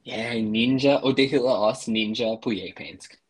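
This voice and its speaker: This man speaks with a slightly husky, breathy tone at a middle pitch. As a podcast guest, he explains things patiently in an easygoing way. His delivery stays relaxed and conversational. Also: normal speed. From USA. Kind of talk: casual podcast chat.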